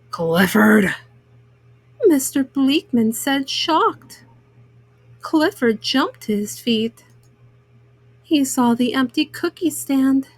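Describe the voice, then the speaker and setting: Woman storybook reader, gentle and very slow, bright-ish pitch. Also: dry recording. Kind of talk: reading a picture book aloud.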